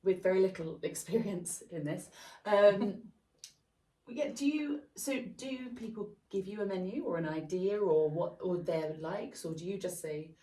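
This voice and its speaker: A woman co-host with a lowish, mellow voice, speaking in a reflective way and asking open questions. Her voice sounds distant and roomy, as if she is sitting away from the mic in an echoey space. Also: a little slow. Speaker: podcast co-host. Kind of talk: casual interview chat. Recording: echoey room, far from mic.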